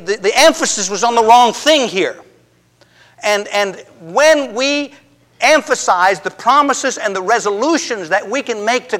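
A man preaching a sermon in an earnest, emphatic way, often repeating and restarting phrases and dropping to a low hush for effect. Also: big-room sound.

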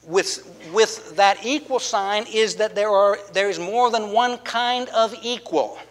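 A man's voice: high-pitched, fairly bright tone. A man preaching a sermon as a pastor. He teaches earnestly, repeats his words and asks the congregation questions. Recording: long hall reverb.

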